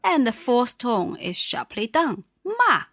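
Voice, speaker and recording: A woman teaching a beginner language lesson on a podcast, patient and modelling words slowly. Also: mid-range voice, fairly bright tone, no room sound, clean studio sound.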